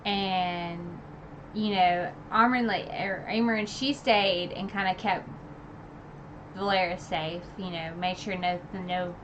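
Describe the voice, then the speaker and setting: A woman's voice: fairly low pitch, steady tone, slow pace, dull audio, background noise. A woman recapping a novel in a casual, rambling chat, full of fillers and asides. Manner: rambling and chatty, full of "like" and "you know". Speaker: book reviewer streaming a recap.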